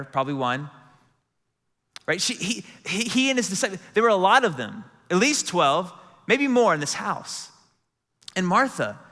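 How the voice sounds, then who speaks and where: A man's voice: fairly high pitch, sharp tone. A young man preaching a casual sermon to a crowded room, chatty and full of "like" fillers, calling out to the congregation. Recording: long reverb from a big hall.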